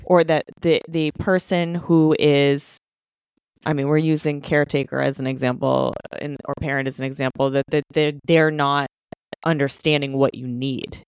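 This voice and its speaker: Low-voiced woman explaining, dry sound. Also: level tone, moderate pace, clean tone, no echo. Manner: explanatory, checks in with "okay?". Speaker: podcast co-host. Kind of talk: casual conversation.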